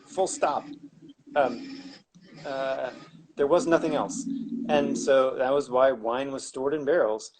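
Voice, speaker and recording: A man's voice: mid-range voice, slow, long pauses, a little mellow, a little hiss or hum. A man, a winemaker, explaining wine making in a casual, rambling way with wry asides and many restarts.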